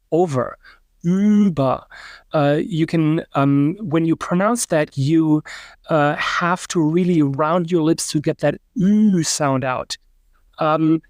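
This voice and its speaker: A middle-aged man, a linguistics professor and podcast guest, explaining at length with many uh and um pauses and sounding out example words. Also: fairly high pitch, darkish tone, no room sound. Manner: lecturing, demonstrates pronunciations aloud, frequent uh and um.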